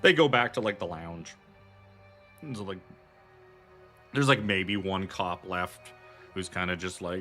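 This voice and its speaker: A man's voice: sits low, a little slow, long pauses, fairly bright tone, faint music behind. A man narrating as game master of a tabletop horror game, rambling loosely with many fillers.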